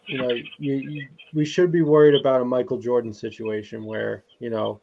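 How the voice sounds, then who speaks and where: A man's voice: medium pitch, flat delivery, moderate pace. A man on a sports podcast panel who makes his point hesitantly, with many fillers and restarts. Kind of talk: sports talk discussion. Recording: dull lo-fi mic with clear noise.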